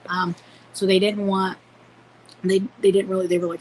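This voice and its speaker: A woman in her forties from Illinois, United States, guests on a podcast in a casual storytelling interview, rambling through personal stories full of fillers and restarts. Her voice is on the low side and darkish, with little pitch movement and a quick pace, on a low-quality recording with slight background noise.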